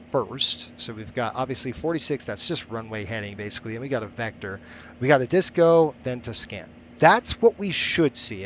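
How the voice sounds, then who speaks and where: A male live-streamer talks his way through each step out loud, sometimes stopping to greet viewers in chat. His voice sits at an ordinary middle pitch for a man. Faint background noise sits under his voice. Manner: thinking aloud while setting up, chatting with viewers. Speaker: flight sim streamer.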